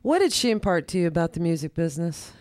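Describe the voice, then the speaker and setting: A radio host puts brief, friendly questions to a guest. The voice is crisp and resonant. The studio sound is dry and close. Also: mid-range voice, big pitch swings, quick pace, a little mellow, dry recording. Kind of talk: radio interview.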